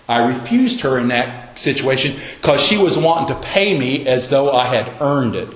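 A man's voice: medium pitch, animated, normal speed, few pauses. A man preaching a sermon, telling the story in a folksy, conversational way. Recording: roomy echo.

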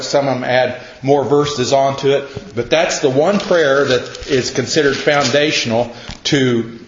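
A man preaching a Sunday sermon in a conversational, self-deprecating way, slowing down to read scripture aloud. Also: medium pitch. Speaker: pastor. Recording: echoey, dull lo-fi room sound.

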